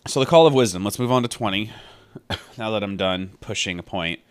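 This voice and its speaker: A man with a deep, resonant voice walks through scripture in a loose, meandering commentary. He sounds earnest and reflective and works his ideas out as he goes. The sound is close and dry. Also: brisk, smooth, dry recording. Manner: thinking aloud, meandering and earnest. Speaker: Bible study podcaster. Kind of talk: casual spoken Bible commentary.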